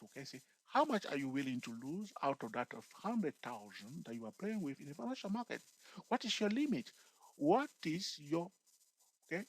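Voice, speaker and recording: A man teaching investing with a slightly high, very animated voice that rises and falls a lot. He keeps checking in with "okay" and "all right" and jokes with the viewer. The sound is dry and close. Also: breathy edge, no echo, rough recording. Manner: repetitive, peppers talk with "okay" and "all right". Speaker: investing tutor. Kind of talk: casual spoken tutorial.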